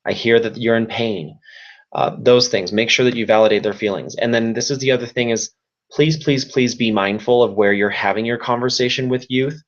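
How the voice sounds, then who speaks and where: A man's voice: medium pitch, steady tone, brisk, muffled recording. A man who works as a youth service provider, giving a webinar talk in an earnest, repetitive way and offering practical tips. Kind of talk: webinar presentation.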